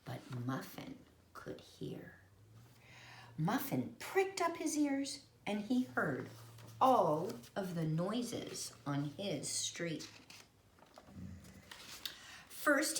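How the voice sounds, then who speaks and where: A woman reading a storybook aloud to children at home, slow and playful, making the sound effects herself. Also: mid-range voice, a little hiss or hum. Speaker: storybook reader and teacher. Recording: echoey room.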